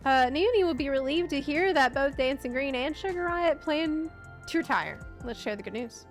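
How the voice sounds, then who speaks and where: A woman streamer talks casually to her viewers, commenting on a game and thanking them for their support. Her voice sits a little higher than most, with faint game music playing underneath. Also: animated, moderate pace. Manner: chatty, thanks viewers between game scenes. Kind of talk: casual live-stream chat.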